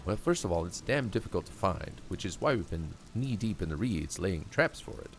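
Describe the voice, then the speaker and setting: A man's voice: low voice, expressive, a little fast, slight background noise. A man putting on an eager lecturing cryptozoologist.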